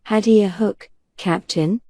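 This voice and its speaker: A woman's voice: fairly low pitch, fairly even intonation, takes it slowly, dark tone, no room sound. A woman reading as an insolent superstitious pirate. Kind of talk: soft bedtime audiobook reading.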